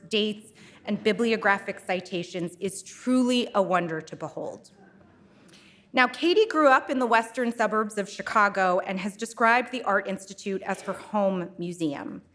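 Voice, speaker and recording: A woman introducing a guest speaker at a museum lecture, reading a warm, admiring introduction from notes at a lectern microphone. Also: medium pitch, moderate pace. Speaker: event host introducing a speaker. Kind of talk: prepared introduction speech. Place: museum auditorium.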